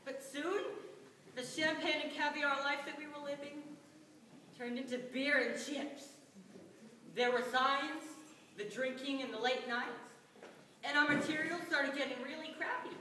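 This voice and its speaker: A woman's voice: sits high, a little slow, noisy background. A teen girl playing a sassy ventriloquist's puppet. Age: teens. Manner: sarcastic, melodramatic storytelling. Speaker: student performer. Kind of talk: stage monologue performance. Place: school hall stage. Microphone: distant room mic. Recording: echoey hall from far off.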